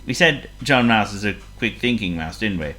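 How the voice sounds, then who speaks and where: Very deep-voiced woman reading a children's story. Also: moderate pace. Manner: expressive, playful, asks the listener questions.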